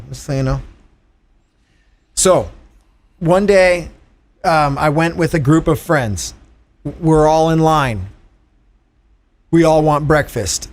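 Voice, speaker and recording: Profane storytelling man, slightly high voice. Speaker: podcast co-host. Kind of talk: casual chat, storytelling.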